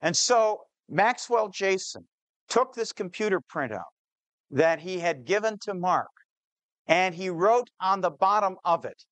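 A man telling a true-to-life story to an audience, slowing down on key details and voicing the people in it. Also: high-pitched, expressive, a bit bright, no room sound. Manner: shifts pace, slows on key details, plays the people in the story. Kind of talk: dramatic spoken storytelling.

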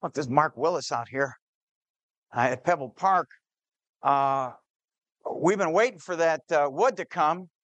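A man's voice: on the high side, unhurried, pauses often, fairly bright tone, no echo. A man voicing an earnest, hopeful builder in his story, pleading under pressure. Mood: uneasy.

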